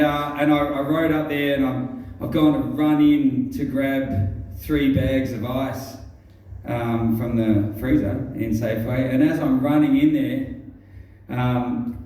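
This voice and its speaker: An Australian man telling a rambling stand-up story, stumbling through ums and restarts and swearing as he goes. His voice is mellow and of middling pitch. He is picked up from a distance in a very echoey venue. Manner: halting, many ums and restarts, swears freely. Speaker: stand-up comedian. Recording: very echoey room, mic far off.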